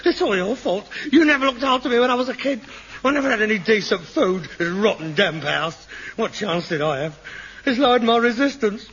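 An actor playing a self-pitying, theatrical adult son in a sitcom. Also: male voice, high voice, lively intonation, a little fast, fairly bright tone. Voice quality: whining, theatrical. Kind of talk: sitcom acting before a studio audience. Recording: dull lo-fi television soundtrack, faint hiss.

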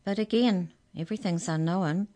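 A woman reading a children's story, voicing a wise mouse who speaks in a slow, grave, calm way. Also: lowish voice, lightly acted.

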